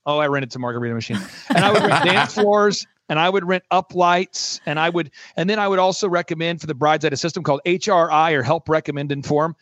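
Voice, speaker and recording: A middle-aged man telling a long personal story in casual talk, acting out quoted dialogue with lively energy. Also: on the high side, quick pace, no room sound. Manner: animated anecdote with acted quotes.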